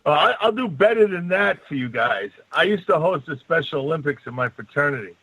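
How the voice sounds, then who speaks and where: A man telling an animated story on a radio show, husky and acting out the voices. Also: on the high side, brisk, dry recording, poor audio. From New York. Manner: animated, acts out voices in his anecdotes.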